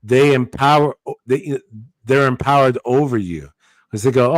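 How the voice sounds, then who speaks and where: A man's voice: mid-range voice, moderate pace, no room sound. Brash crude-joking man in banter. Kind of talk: casual banter.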